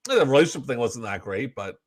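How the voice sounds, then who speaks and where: A man from Canada co-hosting a podcast in casual chat, animated and swearing, acting out little exchanges with quoted voices. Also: medium pitch, fast. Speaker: podcast co-host.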